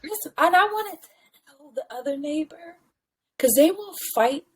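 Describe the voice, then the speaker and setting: A woman co-hosting a podcast, telling stories in a casual, slangy, animated way with frequent laughter. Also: high voice, normal speed, a little hiss or hum. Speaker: podcast co-host. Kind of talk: casual chat, storytelling.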